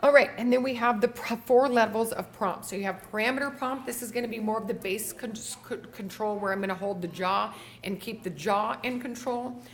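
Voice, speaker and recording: A woman's voice: fairly high pitch, a little fast, hardly any pauses, a little hiss or hum. A woman speech therapist giving a conference lecture, explaining each slide step by step with frequent fillers.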